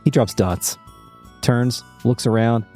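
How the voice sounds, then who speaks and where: A man's voice: medium pitch, slow, soft background music. A man co-hosting a podcast, chatting casually, joking and swearing, and reading game dialogue aloud. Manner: swearing, jokey, animated when reading lines. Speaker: podcast co-host.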